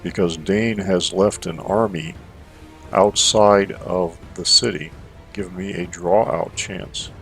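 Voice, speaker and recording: A man giving measured strategy gameplay commentary into a desk microphone, thinking aloud with fillers as he plays. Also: deep voice, fairly even intonation, gravelly, soft background music.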